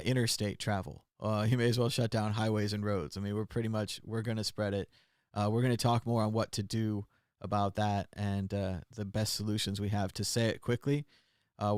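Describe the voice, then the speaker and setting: A man's voice: fairly low pitch, a little mellow, no echo, studio quality. A man hosting a live call-in stream, chatting casually and muttering his steps aloud as he works the computer. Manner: rambling, thinks aloud and mutters while working the computer.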